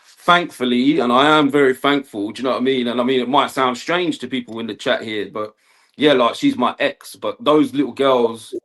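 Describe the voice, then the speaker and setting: Speaking at a moderate pace in a medium-pitched, fairly bright voice, this electrician from Kent, England, is a guest on a livestream. He keeps things casual, laughs a lot, and repeatedly checks "do you know what I mean."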